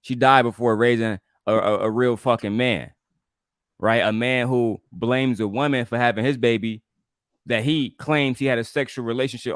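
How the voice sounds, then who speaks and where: A man's voice: medium pitch, normal speed, no room sound, clean studio sound. A man, co-hosting a stream and ranting bluntly with profanity. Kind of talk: casual streamer chat.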